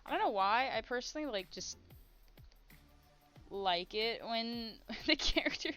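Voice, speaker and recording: A woman's voice: on the high side, expressive, measured pace, sharp tone, clean tone, faint music behind. A woman streaming while she draws, chatting in a rambling, giggly way. She has a headache. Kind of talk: casual chat while drawing on stream.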